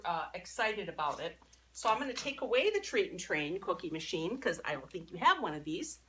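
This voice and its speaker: Bright-voiced woman dog trainer, mic far off. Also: medium pitch. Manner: chatty, explaining as she works with her dog. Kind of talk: casual training demonstration. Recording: distant mic, faint background noise.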